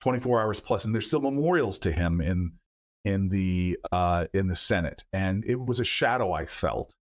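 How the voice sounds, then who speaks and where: A man's voice: sits low, expressive, normal speed. A middle-aged man, a senator, answering interview questions earnestly, often repeating words as he goes. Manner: earnest, stumbles and repeats words, acts out quoted voices. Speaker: senator and book author, guest.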